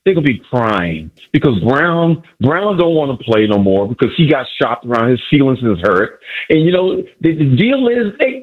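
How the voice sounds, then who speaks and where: A caller phoning in to a sports talk show, a man with a husky, lively voice that leaps up and down as he boasts and repeats himself. The line is muffled and dull, like a phone call aired on radio. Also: a little high. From Miami area. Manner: hyped, boastful, repeats phrases.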